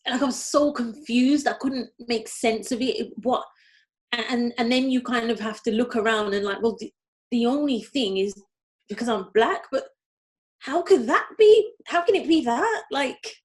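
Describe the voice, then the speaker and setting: A woman's voice: a little high, fairly even intonation, moderate pace. A woman from Birmingham with a light Brummie accent, a guest speaking candidly in an interview, reflective, often restarting and repeating her phrases. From Birmingham, England.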